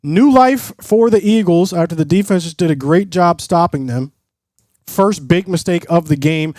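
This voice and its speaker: A man's voice: high-pitched, normal speed, darkish tone, dry recording, clean studio sound. A man streaming live play-by-play commentary, mixing broadcaster-style calls with casual asides to his chat.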